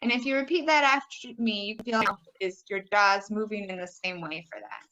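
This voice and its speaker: Bright-voiced woman modelling vowels slowly. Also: mid-range voice, muffled recording. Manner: slow, exaggerated modelling of vowel sounds. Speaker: pronunciation instructor. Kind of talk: recorded teaching video.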